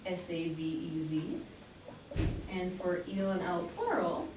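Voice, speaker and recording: A woman with a lowish, darkish voice teaches a French class at a measured pace with fairly even intonation, patiently explaining and spelling words out letter by letter. The classroom sounds echoey and distant, with slight background noise.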